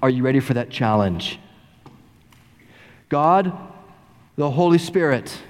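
A middle-aged male pastor preaching an animated sermon, full of repeated rhetorical questions. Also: fairly high pitch. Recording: long reverb in a large sanctuary.

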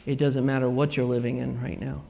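A male pastor preaching a sermon, earnest and repetitive, swinging between quiet passages and loud emphatic ones. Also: mid-range voice, little pitch movement, fairly quick, vocal fry.

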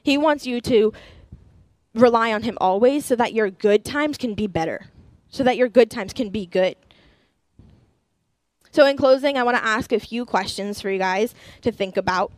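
A woman's voice: a little high, moderate pace, dry recording. A young woman giving an earnest sermon, sharing personal stories and reading scripture aloud. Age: young adult.

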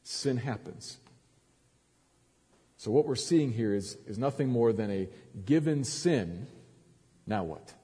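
A man's voice: medium pitch, animated, takes it slowly, pauses often, dark tone, breathy edge, big-room sound. A male pastor preaching a sermon, retelling a story with dramatic emphasis and frequent restarts.

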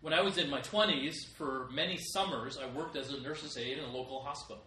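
A man's voice: mid-range voice, a little fast, pushed and bright, a little hiss or hum. A middle-aged man preaching a sermon as pastor, with emphatic rises in volume. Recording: echoey room, voice from a distance.

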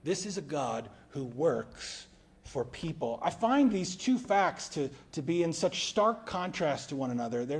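A man delivering a sermon in an informal, conversational voice that sits a bit high for a man. He sometimes drops quiet and low to stress a point. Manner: conversational preaching, acts out quoted voices. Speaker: pastor.

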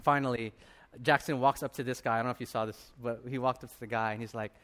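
With a medium-pitched voice and a quick pace, this pastor in his thirties animates a personal story during his sermon, giving voice to the people in it.

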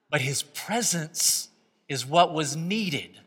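A man preaching a sermon as pastor of his church, moving from quiet reflection to loud, impassioned stretches. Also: mid-range voice, a little slow. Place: church sanctuary. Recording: long hall reverb.

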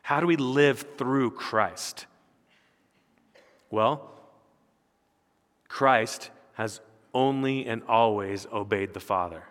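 A pastor preaching a sermon with earnest, emphatic delivery that rises and falls. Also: male voice, mid-range voice, extremely slow, pauses often, a bit bright, long reverb tail.

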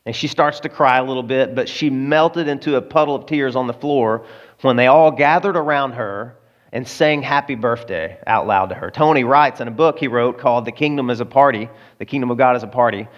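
A man's voice: medium pitch, a little fast, lo-fi sound. Conversational male preacher telling a story. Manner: conversational, with asides to the listeners. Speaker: pastor. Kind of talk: sermon storytelling.

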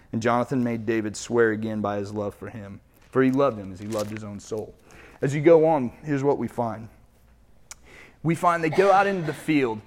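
A man preaching as pastor, reading scripture aloud and retelling it in casual everyday speech. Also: mid-range voice.

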